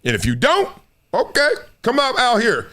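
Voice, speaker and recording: A man hosting a sports talk stream in a casual, slangy, animated way, laughing often. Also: very high voice, moderate pace. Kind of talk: casual live-stream commentary.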